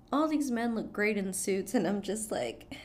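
A woman retelling a film plot in casual chat, animated, with a lot of swearing and quick quoted asides. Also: mid-range voice. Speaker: movie recapper.

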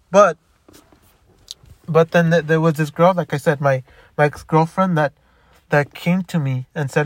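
A man's voice: on the high side, no room sound. A young man telling a personal story in a bitter, profane monologue, rambling and restarting often.

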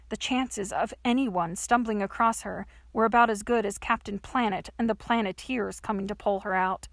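A woman narrating a novel with expressive, dramatic storytelling. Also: a little high, no echo. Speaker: audiobook narrator. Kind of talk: scripted narration.

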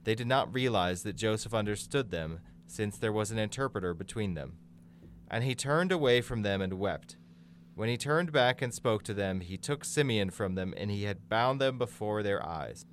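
A man giving a measured, scripted Bible reading, lending quoted speakers more emphasis. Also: lowish voice, animated, a little hiss or hum. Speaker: Bible reader.

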